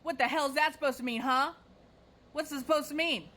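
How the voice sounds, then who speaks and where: Woman doing a raging customer lady, high shrill voice, fast cursing rant, bright and sharp. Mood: enraged. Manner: shouting, cursing, rapid-fire accusations. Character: furious screaming woman customer.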